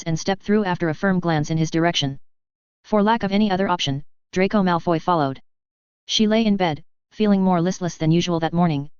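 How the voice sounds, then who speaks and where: A woman reads a story aloud in a steady, measured way. Her voice is very clear and sits a little low. The recording is close and dry, with a dull, lo-fi sound. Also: dry recording. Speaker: audiobook narrator. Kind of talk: scripted narration.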